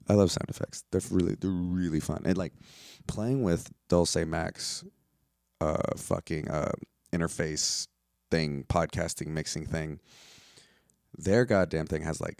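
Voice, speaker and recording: A man's voice: a bass voice, vocal fry, darkish tone, dry recording, studio quality. A young man from the United States hosting a solo podcast, talking in a rambling, profane, exasperated way. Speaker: podcast host. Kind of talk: casual solo podcast rant.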